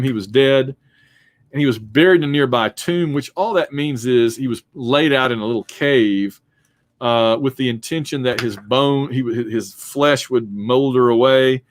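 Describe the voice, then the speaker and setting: Male history instructor, casual lecturing style with jokes, mid-pitched voice, dry recording. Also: dry recording. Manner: chatty, with asides and jokes. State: yawning and hiccuping. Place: home basement.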